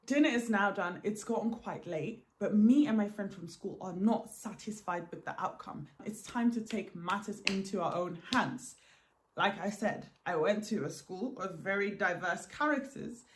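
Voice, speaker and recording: Speaking at a moderate pace in a medium-pitched voice, a woman vlogger recounts a dramatic first-person story with animated emphasis, repeating words for effect. There's a little hiss or hum in the recording.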